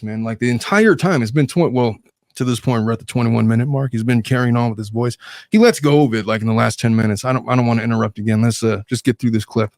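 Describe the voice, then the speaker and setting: A man's voice: medium pitch, quick pace, darkish tone, no echo. Guy commentating on a clip, exasperated, rambly, dry close sound. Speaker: legal commentator.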